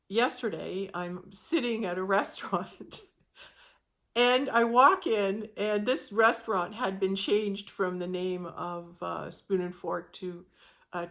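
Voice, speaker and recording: A woman's voice: medium pitch, fairly bright tone. A woman giving an informal spiritual talk, speaking in a reflective, meandering way with frequent restarts.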